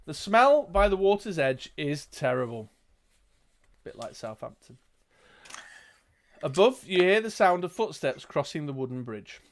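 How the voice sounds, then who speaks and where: A man's voice: fairly high pitch, sing-song, a little slow, pauses often. A man reading a gamebook aloud as game master, with chatty asides. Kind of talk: narrating a gamebook playthrough.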